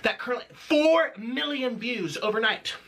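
A man's voice: extremely high pitch, lively intonation, moderate pace, bright, forceful tone. A man delivering an angry, sarcastic rant in a response video, mocking the person he addresses. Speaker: YouTuber posting a response video. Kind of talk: angry ranting monologue.

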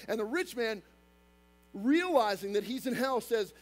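Male pastor, sermon, high voice, rapid and emphatic, conversational asides. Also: animated. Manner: fast-talking, admits it.

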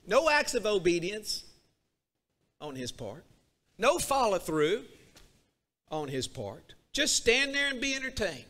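Man, preacher, high voice, bright tone, lively sermon delivery in a church. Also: slow pace, pauses often. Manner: animated, acts out a character's complaints. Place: church sanctuary.

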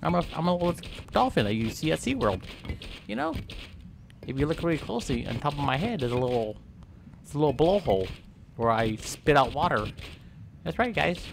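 A man's voice: a little high, big pitch swings, brisk, gravelly, pauses often, a little hiss or hum. A man voicing a sly male great white shark who poses as a friendly dolphin, with a mock-friendly, boastful manner.

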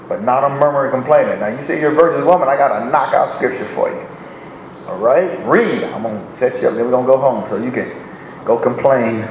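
Joking bishop preaching in an echoey church. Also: male voice, medium pitch, fairly quick. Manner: animated, joking, acts out quoted speech. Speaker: bishop and pastor. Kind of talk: sermon with humor. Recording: echoey church with background noise.

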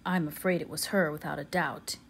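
A woman reading the lines of a gentle older English colonel who speaks quietly and gravely, like a doctor. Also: mid-range voice, animated, fairly quick, slight background noise, close to an everyday voice.

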